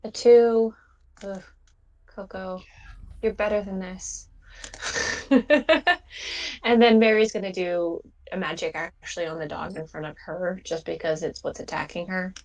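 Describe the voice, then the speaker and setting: A woman's voice: lowish voice, steady tone, normal speed, darkish tone, recorded from a distance, lo-fi sound. A woman playing in an online tabletop game, chatty and giggling often. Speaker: player. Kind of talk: casual tabletop game chat.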